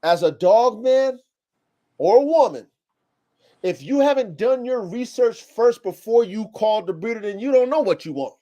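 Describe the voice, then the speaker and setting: High pitched dude hosting a podcast over a stream call, loud slangy, swears a lot, acts out customers. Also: male voice, measured pace, muffled recording. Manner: animated, slangy and profane, acts out quoted customers. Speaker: podcast host. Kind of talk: casual podcast chat. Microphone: live-stream call setup.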